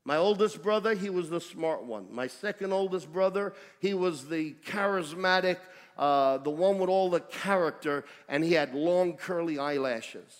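A high-pitched man with a New York accent preaches in a storytelling way, animated and wry about himself. His voice rings out with a long reverb, as if carried through a large hall. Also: moderate pace, few pauses. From United States. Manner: conversational, animated storytelling with self-deprecating humor. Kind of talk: storytelling sermon testimony.

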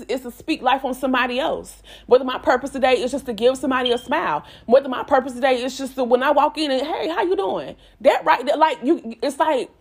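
A woman, giving herself and her listeners an emphatic, repetitive pep talk in a casual vlog. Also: fairly high pitch. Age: 20s. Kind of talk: motivational self-talk monologue.

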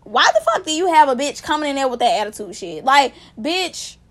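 A woman telling a story to her viewers in casual vlog commentary, animated and emphatic, swearing freely as she rants. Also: sits high, fairly quick. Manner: animated, profane, emphatic ranting; speaks directly to viewers. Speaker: vlogger.

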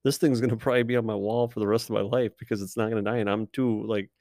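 A man with a somewhat low voice co-hosts a casual podcast, teasing his partner with quick jokes. The sound is dry and close, with no room echo. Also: steady tone, a little mellow. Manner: joking, teasing, quick asides. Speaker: podcast co-host.

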